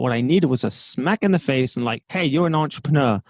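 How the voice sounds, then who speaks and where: A man, a guest on an entrepreneur podcast, telling stories in an animated way, acting out quoted dialogue and laughing often. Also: fairly high pitch, brisk, few pauses, dry recording. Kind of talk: storytelling in a casual interview.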